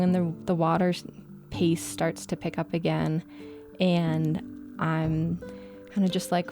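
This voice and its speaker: Woman telling a lively story. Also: on the low side. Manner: lively, breathless retelling with laughs and "like" fillers. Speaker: writer telling a personal story. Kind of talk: casual first-person storytelling.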